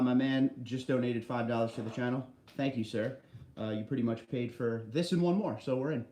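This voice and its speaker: Guy from new jersey hosting a livestream, reads chat, friendly, echoey room. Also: medium pitch. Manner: friendly, greets viewers by name, relaxed banter. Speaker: livestream host reading viewer chat. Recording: roomy echo.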